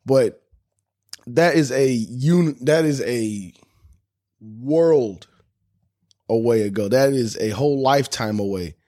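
A man hosts a fan sports podcast in a fired-up, indignant rant. He curses freely and sounds fed up. His voice sits at a plain middle pitch for a man. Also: slow pace, pauses often, dark tone. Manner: heated, indignant, cursing freely. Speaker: podcast host.

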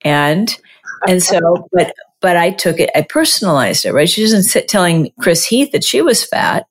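Low-voiced woman musing in casual talk. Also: very animated, moderate pace. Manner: rambling, many restarts and "you know". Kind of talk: casual reflective conversation.

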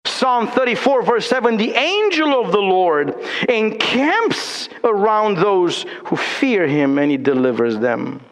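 A male pastor preaching a sermon with passion, rising to urgent peaks and dropping to slow, hushed low phrases. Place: church sanctuary. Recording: long hall reverb.

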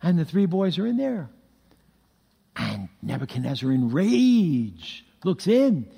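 A man preaching a sermon, telling scripture stories in an animated way with vocal sound effects. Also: on the high side, takes it slowly, vocal fry, slightly rough. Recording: long hall reverb.

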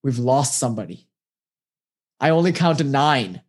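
A storyteller putting on a group of distraught travelers in a parable, their voices pitched high and frantic. They sound whiny, panicked and close to tears, and they fire off anxious questions. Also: animated, measured pace.

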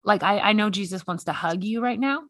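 A woman's voice: mid-range voice, brisk, fairly bright tone, no room sound. A woman hosting a faith-based conversation, earnest and exhorting, often repeating words as she speaks. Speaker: podcast host.

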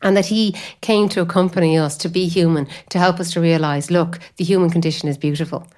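Low-voiced woman talking faith, rambling. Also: fairly even intonation, quick pace, a little mellow. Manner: rambling, full of "you know" fillers. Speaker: guest speaker on faith. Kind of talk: conversational spiritual talk.

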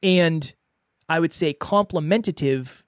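A man hosts a solo podcast, speaking earnestly and conversationally and circling back to repeat his points. His voice sits a little high. The sound is dry and close, with no room echo. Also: unhurried, clean tone. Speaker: podcast host. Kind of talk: solo podcast advice talk.

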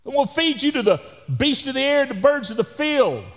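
A pastor voicing a boastful giant warrior who taunts his foe, raising his voice high and loud in a large reverberant hall. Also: lively intonation, brisk. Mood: mocking. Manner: mocking, boastful.

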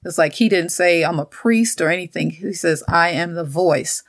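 Gravelly low-voiced woman reading scripture. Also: steady tone, moderate pace, no room sound, clean studio sound. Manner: reads verses aloud, then retells them conversationally. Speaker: co-host of a Bible study talk. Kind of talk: scripture reading and casual discussion.

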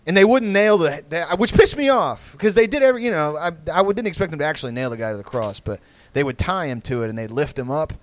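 A man's voice: on the high side, animated, quick pace, slight background noise. A man from Texas hosting a podcast, telling comedic stories in a rambling, profane way. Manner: rambling, profane, with frequent restarts. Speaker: podcast host. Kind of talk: casual comedic storytelling.

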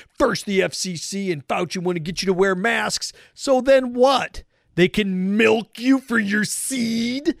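A man with a high, bright voice hosts a sports talk monologue in a sarcastic, mocking tone. The sound is dry and close to the mic, with no room around it. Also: unhurried, vocal fry, no room sound. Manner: sarcastic, mocking, animated rants.

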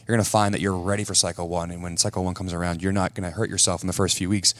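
A man's voice: sits low, level tone, rapid-fire, no echo. A man coaching athletes in casual chat, blunt and ready to swear. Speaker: fitness coach.

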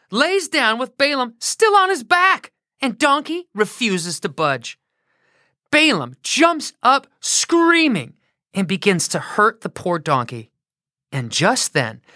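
A woman telling a Bible story for children in an animated way, often asking her listeners questions. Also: fairly high pitch, no room sound, studio quality.

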